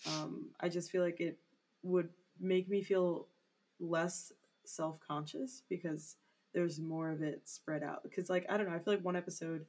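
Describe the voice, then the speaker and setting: Husky-voiced young woman, chatty and rambling. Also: fairly low pitch, fairly even intonation, measured pace, a little mellow. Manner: rambling, heavy use of "like" fillers. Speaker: podcast co-host. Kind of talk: casual chat.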